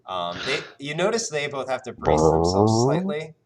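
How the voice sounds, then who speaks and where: A man's voice: mid-range voice, big pitch swings, normal speed, crowd noise. A man narrating a tabletop game as game master, hesitant, with many ums and sort-ofs.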